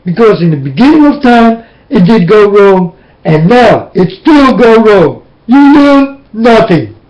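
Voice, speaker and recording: Slow, high-voiced man preaching warnings. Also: very animated, a little mellow, lo-fi sound. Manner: intense, warning, repetitive preaching. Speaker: self-styled preacher. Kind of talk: webcam sermon. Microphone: webcam.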